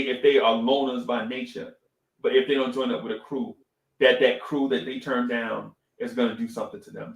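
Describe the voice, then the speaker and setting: Animated middle-aged man, echoey room. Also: mid-range voice, gravelly. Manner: animated storytelling, repeats phrases, says "right?" often. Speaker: podcast co-host. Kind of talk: casual live-stream talk.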